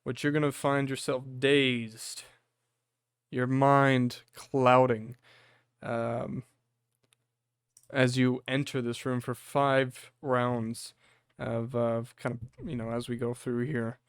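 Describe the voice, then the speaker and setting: A man narrating a tabletop horror game as game master, descriptive and unhurried with frequent fillers. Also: medium pitch, little pitch movement, clean tone, no room sound, clean studio sound.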